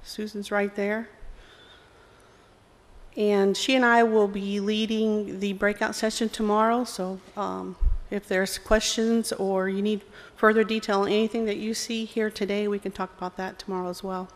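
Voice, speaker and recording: A woman's voice: mid-range voice, level tone, normal speed. A woman with a Southern US accent, a program executive giving a friendly, self-deprecating conference presentation with some fillers. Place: conference hall. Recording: long hall reverb.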